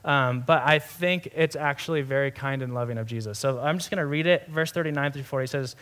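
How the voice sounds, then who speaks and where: A man's voice: medium pitch, fairly quick, a bit bright. A young adult man giving a sermon in a conversational, earnest way, often restarting phrases and saying "like". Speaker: pastor.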